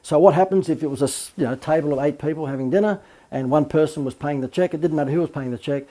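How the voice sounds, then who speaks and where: A man, a marketing coach, giving a recorded course lecture full of lively anecdotes and emphatic asides. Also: a little high, fast talker.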